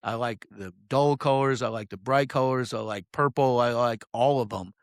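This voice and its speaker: A fishing guide with a mid-pitched male voice and vocal fry tells his story at a moderate pace, rambling, profane, and full of "um"s. He talks casually into a close mic, and the recording is dry with no echo.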